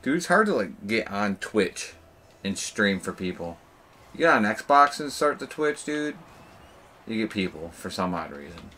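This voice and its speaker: A young man streaming a video game, talking casually with excited, swearing outbursts. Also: on the low side, unhurried. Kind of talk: casual gaming stream talk.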